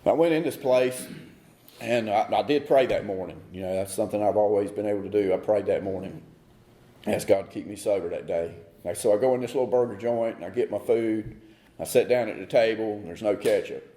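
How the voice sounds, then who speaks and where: Low-voiced man telling his recovery story. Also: brisk, dark tone, reverberant. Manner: rambling, many fillers and restarts. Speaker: AA speaker. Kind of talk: recovery talk.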